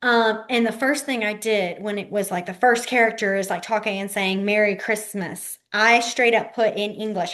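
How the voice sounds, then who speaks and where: A woman's voice: medium pitch, steady tone, normal speed, hardly any pauses, fairly bright tone. A young woman, teaching a sign language class in a chatty, informal way that often trails off while she demonstrates. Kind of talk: casual online class teaching.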